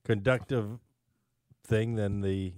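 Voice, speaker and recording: A man with a lowish voice drops short, dry remarks into a relaxed conversation. The sound is dry, with no room echo. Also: takes it slowly, smooth. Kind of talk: casual chat.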